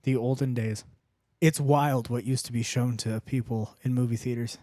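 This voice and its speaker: A man co-hosting a podcast in a jokey, animated way, laughing often. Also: mid-range voice, normal speed, dry recording, clean studio sound. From Mexican heritage. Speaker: podcast co-host. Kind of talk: casual podcast banter.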